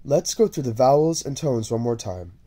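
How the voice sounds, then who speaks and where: A man teaching a language lesson, speaking slowly and deliberately and repeating syllables over and over for the listener to copy. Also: medium pitch, animated, mellow, slightly rough. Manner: drawn-out, repeated syllable drills. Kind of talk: slow, deliberate lesson narration.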